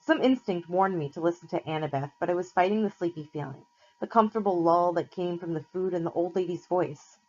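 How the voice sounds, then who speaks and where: A woman teacher reads a novel aloud to her class in a steady, plain storytelling manner. Her voice sits fairly low, and the recording sounds slightly muffled and lo-fi. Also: a little fast.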